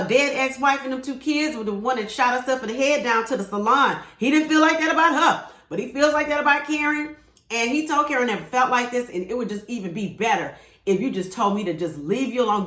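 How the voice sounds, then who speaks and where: A woman reviews a TV episode in a relaxed, gossipy recap. She talks to her viewers with sassy asides, in a voice a bit higher than most. The room around her is echoey. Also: fairly quick. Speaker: TV show reviewer.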